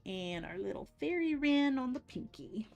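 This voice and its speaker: A woman's voice: sits high, very animated, moderate pace, gravelly, a little mellow, faint music behind. A woman chatting casually on a live stream while doing nail art, laughing often and teasing herself.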